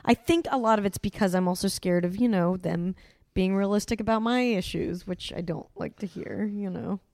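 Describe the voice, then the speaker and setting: A woman's voice: mid-range voice, moderate pace, a little mellow, no room sound. A woman talking hesitantly and openly about her struggles in a candid conversation.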